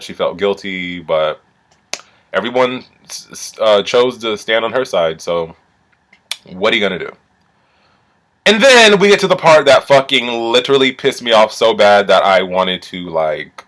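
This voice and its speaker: A man giving a casual, profane recap of a reality show as a vlogger, swinging from low mumbling to indignant outbursts. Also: a bit bright.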